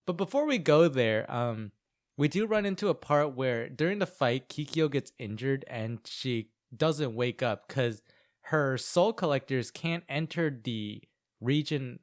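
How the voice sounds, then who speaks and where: A young man co-hosting a podcast, chatting casually as he recaps an anime, full of "like"s and quick asides. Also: mid-range voice, lively intonation. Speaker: podcast co-host.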